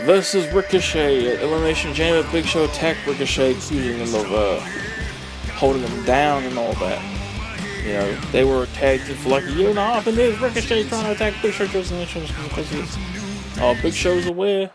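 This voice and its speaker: Excitable man calling a wrestling game. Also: fairly high pitch, fairly quick, loud music behind the voice. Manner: excitable, with frequent exclamations and mild swearing. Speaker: gaming commentator. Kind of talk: excited play-by-play over a wrestling video game.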